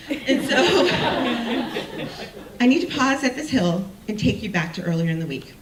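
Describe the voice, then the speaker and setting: A woman telling a personal story on stage, animated and self-mocking, acting out the people she quotes. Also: on the high side, unhurried, heavy background noise. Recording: roomy sound from a distant mic with faint ambience.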